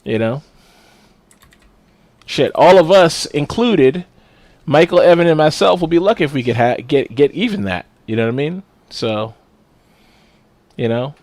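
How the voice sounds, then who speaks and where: A man's voice: a little high, animated, a little slow, pauses often, a little mellow, dry recording. A man co-hosting a podcast in casual chat, blunt and profane, laughing often. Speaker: podcast co-host.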